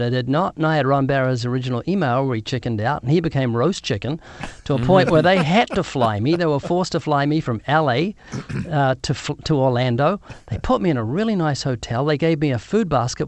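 A man's voice: fairly high pitch, no room sound. Jokey man. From Southern Hemisphere. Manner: jokey, self-deprecating storyteller, laughs often. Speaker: guest evangelist and author. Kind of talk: casual interview chat.

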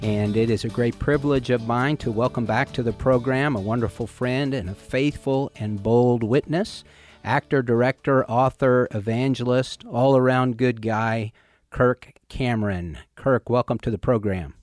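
A man, a pastor hosting a radio talk show, chatting with a guest in a halting way full of fillers. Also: mid-range voice, soft background music. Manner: warm, halting, many fillers. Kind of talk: casual interview chat.

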